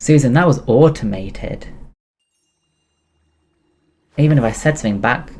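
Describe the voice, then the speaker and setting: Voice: medium pitch, animated, a little fast, a little mellow, husky, faint music behind. Streamer gabbing w chat while gaming, jokey n giggly. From England. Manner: chatty, talks back to viewers, jokey and giggly. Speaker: game streamer. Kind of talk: casual live-stream chat.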